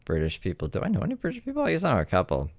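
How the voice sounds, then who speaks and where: A man's voice: medium pitch, wildly swooping pitch, racing, dry recording. A man reading chat aloud and tossing in crude, teasing side comments. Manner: teasing, crude, wandering musings.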